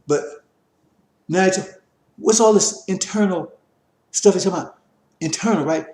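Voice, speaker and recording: Man with a highish voice preaching hard, repeats himself a lot, roomy echo. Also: a little slow. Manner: preachy, repetitive, rising to forceful emphasis. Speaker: religious teacher. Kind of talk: impassioned lecture.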